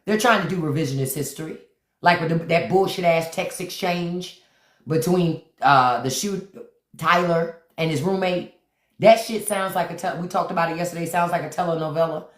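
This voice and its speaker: A woman's voice: lowish voice, moderate pace. Blunt preachy woman livestreaming in echoey room. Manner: blunt, preachy, repeats lines for emphasis, greets viewers. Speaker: live stream host. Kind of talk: livestream commentary.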